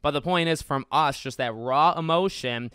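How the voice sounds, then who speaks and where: A young man chats about a game on his podcast. His voice sits a touch high, smooth and clear, recorded dry and close. He talks with animated emphasis and restarts his sentences. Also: normal speed, no echo. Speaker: podcast host. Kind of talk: casual video game discussion.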